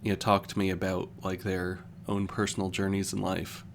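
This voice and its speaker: A man's voice: sits low, monotone, moderate pace, vocal fry. A young man talking casually as a streamer, rambling with lots of fillers and restarts, over a faint hum. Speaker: streamer host. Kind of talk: casual chat.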